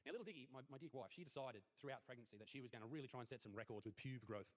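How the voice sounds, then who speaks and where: A man in his thirties doing a crude stand-up comedy routine, telling stories deadpan and shouting out the punchlines. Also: mid-range voice, racing, noisy background.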